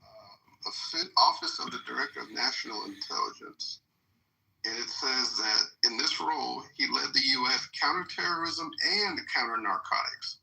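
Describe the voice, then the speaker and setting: Brief: gravelly male debater, bright tone, stammering challenges. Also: medium pitch, normal speed, slight background noise, rough recording. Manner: challenging, stammers when pressing. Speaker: speaker in a debate. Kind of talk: casual debate.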